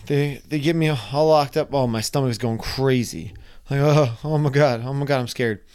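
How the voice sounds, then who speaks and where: A young man casually telling a wild personal story, animated, sometimes acting out his own panicked screams. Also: medium pitch, smooth.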